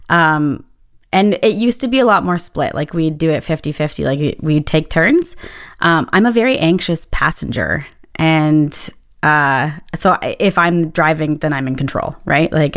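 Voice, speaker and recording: A young adult woman co-hosting a podcast, telling stories in casual chat with frequent laughs. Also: sits low. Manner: chatty storyteller, laughs often. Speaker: podcast co-host.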